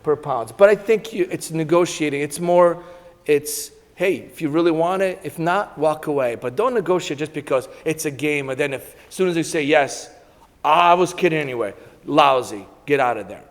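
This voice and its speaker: A middle-aged man born in Italy, giving a lunchtime talk and telling animated anecdotes with laughter. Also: a little high, normal speed. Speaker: guest speaker. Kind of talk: storytelling talk to an audience. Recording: long reverb in a hall.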